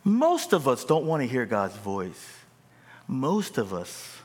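A pastor preaching a lively sermon, acting out scenes and swinging from whispers to shouts. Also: male voice, medium pitch, slow, slightly rough, big-room sound.

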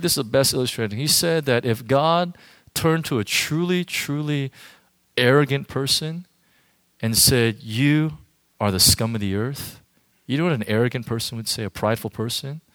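A man's voice: mid-range voice, lively intonation, moderate pace, a bit bright, no room sound. Guy youth pastor giving a loose sermon, talks right at the kids, mid voice, dry mic. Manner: conversational, emphatic, addresses audience directly. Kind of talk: informal sermon to a youth group.

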